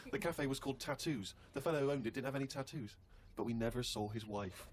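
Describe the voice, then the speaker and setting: A man's voice: medium pitch, very noisy. A man hosting a studio chat, reading a diary aloud in a teasing way and often breaking into laughter. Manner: teasing, quick, bursts into laughter. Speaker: host. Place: radio studio.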